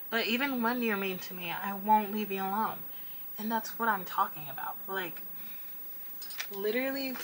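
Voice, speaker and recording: A woman's voice: mid-range voice, sharp tone, slight background noise, low-quality recording. A young woman vlogger rambling candidly late at night, self-deprecating and swearing often as she vents.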